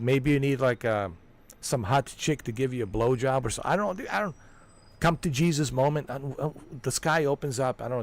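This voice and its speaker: A man ranting on a game livestream, heated and profane, dropping "man" and "dude" as he hammers his points home. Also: mid-range voice. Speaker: livestream gamer. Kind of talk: casual ranting livestream chat.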